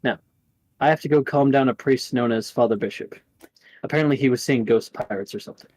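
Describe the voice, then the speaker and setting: A man voicing a calm, solemn Jesus in a tabletop game, speaking in a slow, hushed, fatherly way. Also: mid-range voice, no echo, lightly acted. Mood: benign.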